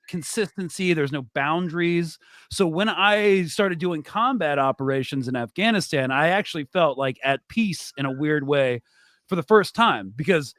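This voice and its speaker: A man with a somewhat high voice talks bluntly and with animation about his own experience as a veteran, swearing freely. The sound is dry and close. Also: no echo. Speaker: podcast co-host, military veteran. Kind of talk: casual personal talk.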